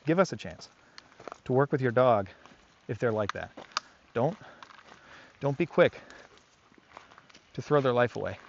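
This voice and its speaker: A man's voice: mid-range voice, animated, a little slow, vocal fry, pauses often, a little hiss or hum. Male dog trainer, earnest, repeats for emphasis; outdoor walk, lo-fi sound. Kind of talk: explaining on camera while walking a dog. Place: outdoors on a park trail.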